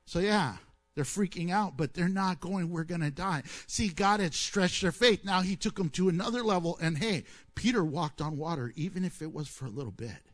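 A man preaching a sermon, telling stories with questions to the listeners and acting out the quoted voices. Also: moderate pace. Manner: animated storytelling, asks the audience questions and answers them; acts out quoted voices with swings in pitch and loudness.

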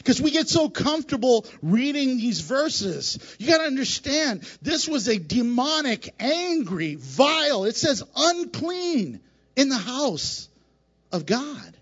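A man preaching a lively sermon in church, emphatic and repetitive, questioning the congregation and acting out scenes. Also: very high voice, slow, slightly rough, muffled recording. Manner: emphatic and repetitive, asks the congregation questions, laughs at his own jokes. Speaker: pastor. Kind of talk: animated sermon with acted-out scenes.

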